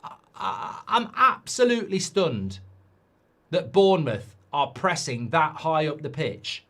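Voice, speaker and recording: Guy doing a footy watchalong, voice jumps all over, swears a lot, fairly high. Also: sing-song, measured pace, bright, forceful tone. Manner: swears and rants at bad defending. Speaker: football watchalong host. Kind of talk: live football watchalong commentary.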